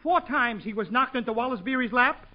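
High-voiced man doing radio comedy. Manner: rapid joke delivery with bursts of excitement. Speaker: comedian host. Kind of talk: 1940s radio comedy monologue. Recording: dull old radio broadcast recording.

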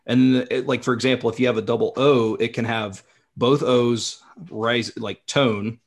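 A man's voice: mid-range voice, flat delivery, normal speed. A man chatting casually as a guest, rambling and explaining with many restarts. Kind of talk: casual chat.

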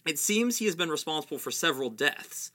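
A man's voice: a little high, very animated, brisk, sharp tone. A man voicing a blustering middle-aged government minister in a fantasy novel reading.

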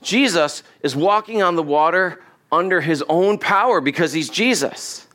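Speaking at a normal speed in a fairly high voice, a pastor delivers a church sermon through a cabled body-worn microphone. He preaches animatedly and voices the lines of the people in the Bible story.

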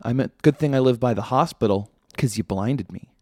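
A man in the middle of his pitch range rants sardonically through a casual comedy monologue as a podcast host. He swears freely. His voice sits close and dry, with no room around it. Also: a little fast, warm tone, dry recording. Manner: ranting, sardonic, profane.

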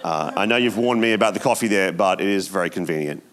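A man, preaching as a pastor, telling a story in a hushed voice that builds to emphatic exhortation. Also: low voice, fast. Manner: storytelling, hushed at times, then rising and emphatic. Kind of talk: sermon.

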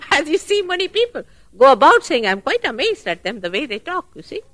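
A woman giving a spiritual talk at a public program, animated and full of rhetorical questions. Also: sits high, moderate pace, no echo. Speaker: spiritual teacher.

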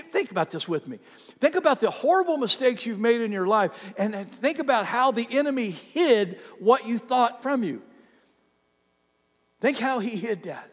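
A man preaching a sermon as a pastor, telling stories with animated energy and speaking straight to his congregation. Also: extremely high pitch, in a large hall.

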